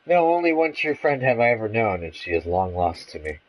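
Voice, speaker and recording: A man voicing a boastful, theatrical male warrior from a video game, reading with grandiose, old-fashioned phrasing that swings high and low. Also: big pitch swings, fairly quick, low-quality recording. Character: boastful theatrical male warrior calling for his lost companion.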